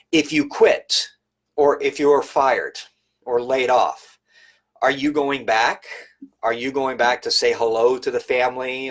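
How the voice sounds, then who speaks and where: A middle-aged man giving a live-streamed talk as an educator, telling workplace stories in a conversational, emphatic storytelling manner. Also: medium pitch. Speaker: private service educator.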